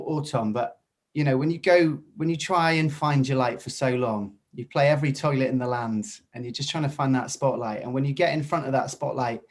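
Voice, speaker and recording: An upbeat Welsh man chats freely as a podcast guest. His voice sits at an ordinary middle pitch, and he greets his hosts loudly and cheerfully before easing into relaxed stories. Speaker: podcast guest, singer and radio presenter. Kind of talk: casual interview chat.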